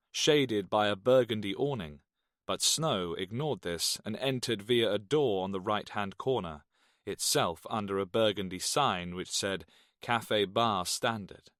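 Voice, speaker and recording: Casting: male audiobook narrator, steady thriller reading, dry close recording. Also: medium pitch, no echo. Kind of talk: scripted narration.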